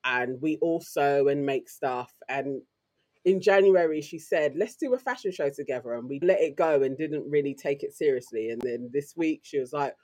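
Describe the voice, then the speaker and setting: Animated London woman telling stories. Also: sits low, normal speed. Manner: animated, slangy storytelling. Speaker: podcast co-host. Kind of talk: casual chat.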